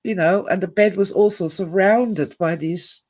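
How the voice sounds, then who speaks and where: A woman's voice: on the low side, measured pace, darkish tone. Woman, summit speaker, heartfelt anecdote-teller who drifts into asides and swears now and then. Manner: emotional, candid, digressive, with sighs and laughs. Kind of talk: personal storytelling talk.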